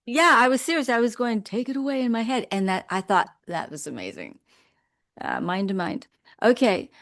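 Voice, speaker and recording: A woman in her sixties is interviewed as a guest, sharing her personal story in an earnest, measured way. She speaks at a steady middle pitch, and emotion comes through at times.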